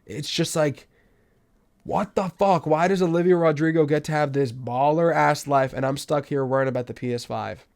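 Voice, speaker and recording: Animated young New man telling stories. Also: normal speed, vocal fry. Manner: animated, swings from loud outbursts to low mutters. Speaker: podcast host. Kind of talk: casual storytelling monologue.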